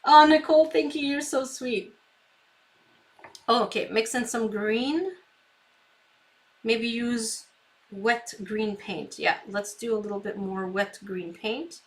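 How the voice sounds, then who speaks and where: Unhurried and pausing often, a woman with a slightly high voice hosts a live painting stream. She reads viewer comments aloud and chats with them and herself, giggling often as the tutorial goes on.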